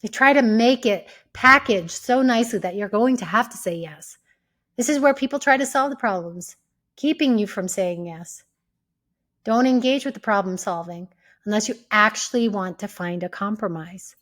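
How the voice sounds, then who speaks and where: A woman hosting an advice talk, speaking in a calm, measured way and acting out sample replies. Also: medium pitch. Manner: calm, measured, acts out sample lines with shifts of tone. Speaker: host.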